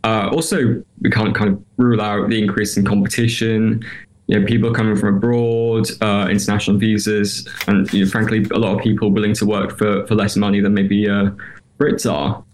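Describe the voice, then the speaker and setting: Brief: young British male graduate, low-pitched, earnest and hesitant. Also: little pitch movement, a little fast, darkish tone. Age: 20s. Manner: earnest, hesitant, many fillers. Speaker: interview guest, graduating student.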